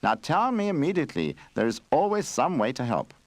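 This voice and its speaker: A man voicing an old wandering bear who speaks loudly and earnestly in a storybook game. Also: on the high side, wildly swooping pitch, a little fast, dry recording, pitched above the performer's own voice. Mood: urgent. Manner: loud, urgent speech.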